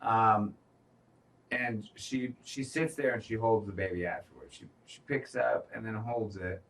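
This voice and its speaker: A man's voice: fairly low pitch, moderate pace, gravelly, fairly bright tone, far from the mic. A man co-hosting a casual show, talking loosely with lots of restarts and swearing. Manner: rambling, profane, loose. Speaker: podcast co-host. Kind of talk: casual chat.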